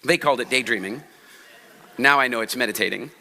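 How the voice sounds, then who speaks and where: A man giving a stage talk on public speaking to a live audience, telling animated stories and asking the audience questions. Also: mid-range voice, a little fast, gravelly, long reverb tail.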